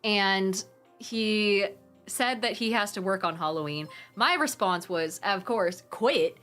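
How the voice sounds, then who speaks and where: A young woman from the Pacific Northwest, chatting casually on a live stream and reading viewer comments aloud. She is animated, swears freely, laughs often and rambles with restarts. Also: mid-range voice, slow, faint music behind.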